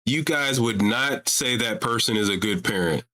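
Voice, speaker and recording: A man hosts a live call-in stream about religion, talking casually and pushing his audience with repeated rhetorical questions. His mid-range voice has lively intonation and a bright, forceful tone at normal speed.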